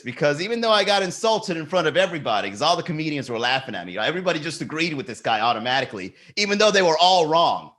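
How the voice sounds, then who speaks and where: A man hosting a comedy podcast, telling a story in a casual, animated rant, swearing freely and joking with the live chat. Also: a little high, fast talker. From Miami. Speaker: podcast host.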